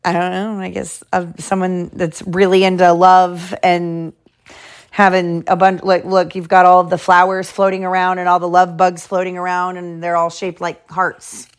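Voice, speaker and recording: A woman's voice: on the low side, completely flat delivery, normal speed, smooth. A woman reading a children's picture book aloud to her kids, in a storytelling, sing-song way.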